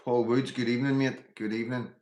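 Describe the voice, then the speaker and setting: A man's voice: medium pitch, little pitch movement, fast talker, darkish tone. A middle-aged man, livestreaming, a bit groggy, greeting viewers by name and bluntly calling out his critics. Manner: blunt and combative, calling people out. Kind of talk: casual livestream talk, reading out the chat. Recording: roomy echo.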